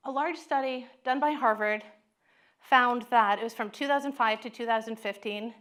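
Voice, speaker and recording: A middle-aged woman, a psychologist, giving a talk with candid, animated storytelling. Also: a little high, normal speed.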